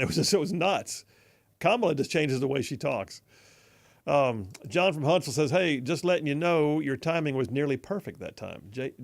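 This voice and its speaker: A man hosts a radio talk show in a casual, chatty way. His voice is gravelly, with some fry, and pitched a touch high. He laughs easily and repeats words as he reads out listener texts. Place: radio studio.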